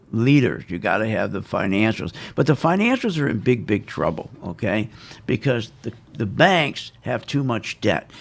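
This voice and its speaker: A man's voice: mid-range voice, vocal fry. A man giving casual, emphatic and self-assured stock market commentary, repeating his points.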